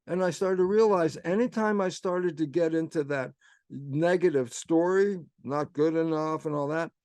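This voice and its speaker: An older man, a guest speaker, telling a story in an animated way with repeated emphasis over a video call. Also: high-pitched, dry recording. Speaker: guest speaker answering questions. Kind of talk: storytelling talk.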